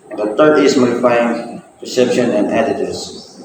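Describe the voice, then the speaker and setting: A man's voice: mid-range voice, moderate pace. A young man giving a class presentation, reading out points with frequent hesitations. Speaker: student presenter. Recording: echoey room with background noise.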